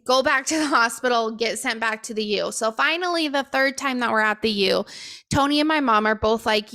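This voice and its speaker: A woman's voice: on the high side, normal speed, pushed and bright. A young woman hosting a podcast on her own, telling a personal story candidly with lots of fillers and quoted dialogue. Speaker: podcast co-host.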